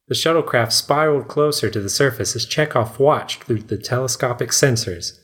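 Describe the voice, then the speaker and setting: A man hosting a podcast, reading a story aloud with steady pacing and chuckling between passages. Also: medium pitch, moderate pace. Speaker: host, narrator.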